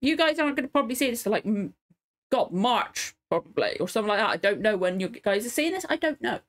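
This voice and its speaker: A tearful woman with a slightly raised pitch reacts to a show, sniffling between her words. She rambles, swears freely and talks in a loose, emotional way, as if she is at home at her computer. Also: expressive, quick pace. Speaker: reaction video host. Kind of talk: casual reaction commentary.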